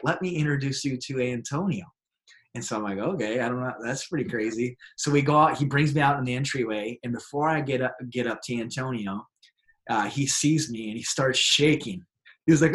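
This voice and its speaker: A young male pastor and author, appearing as an interview guest, tells a lively anecdote in a middle-pitched voice. He's an animated storyteller who acts out excited voices.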